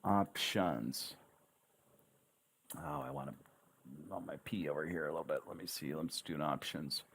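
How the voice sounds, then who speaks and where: A man's voice: very deep voice, moderate pace, vocal fry, fairly bright tone, husky. A man teaching English pronunciation on a livestream, repeating words syllable by syllable with encouraging asides. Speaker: English tutor.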